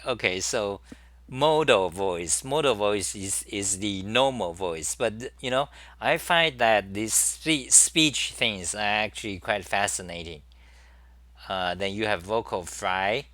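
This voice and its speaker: A man's voice: on the low side, slow, fairly bright tone, dry recording. A man hosting his own talk show in a casual, rambling monologue, full of fillers and restarts.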